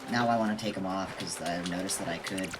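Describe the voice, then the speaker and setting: A man streaming a game live, commenting in a loud, playful and excitable way. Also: sits low, fast, far from the mic, over music. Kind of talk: casual gameplay commentary.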